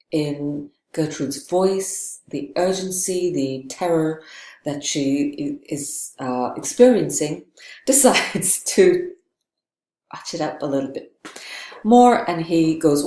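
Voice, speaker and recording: A woman's voice: low voice, slow pace, warm tone, roomy sound. A woman giving a literature lecture, thoughtful and digressive, often checking in with "right?". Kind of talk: recorded lecture.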